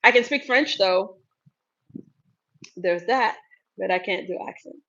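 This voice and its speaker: A woman's voice: medium pitch, unhurried, fairly bright tone, highs cut off. A woman from Cameroon hosting a casual live Q&A, chatting with viewers and reading out their comments. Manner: chatty, laughs often, reads out viewer comments. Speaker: livestream host.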